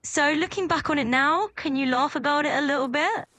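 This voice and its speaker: A woman's voice: sits high, a little fast, bright, forceful tone, slight background noise. A woman's voice with a British accent, an AI voice assistant chatting in an upbeat, soothing and accommodating way. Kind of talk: chatbot conversation.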